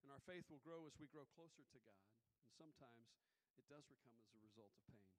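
A man's voice: mid-range voice, animated, brisk, rough recording. A male pastor preaching a sermon in a conversational, emphatic way, with folksy asides.

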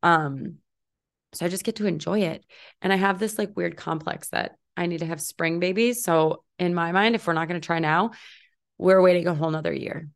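A woman in her thirties talks through her solo podcast in a chatty, upbeat way. Her voice sits a little low and has a gravelly, vocal-fry texture. She fills her talk with asides and little quoted remarks. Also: normal speed. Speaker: podcast host. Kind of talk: casual solo podcast chat.

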